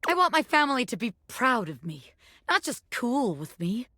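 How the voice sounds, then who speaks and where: Bobby Pin, a tough little gangster pin. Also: female voice, fairly high pitch, big pitch swings, moderate pace, sharp tone, dry recording, studio quality, full character voice. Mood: wistful. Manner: tough streetwise talk, tender underneath. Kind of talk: video game voice acting.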